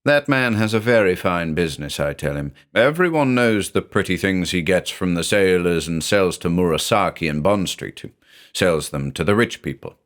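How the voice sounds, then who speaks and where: A man's voice: low voice, lively intonation, moderate pace, fairly bright tone. A man voicing an uneasy, wheedling middle-aged landlord who speaks in short, defensive, broken phrases.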